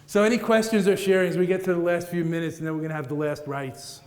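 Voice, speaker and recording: Male Buddhist teacher, middle-aged, playful and rhythmic, slightly high voice, hall reverb. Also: fairly even intonation, quick pace, darkish tone. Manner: playful, rhythmic, laughs at his own jokes. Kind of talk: dharma talk to an audience. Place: large meeting room with audience. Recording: echoey hall, roomy reverb.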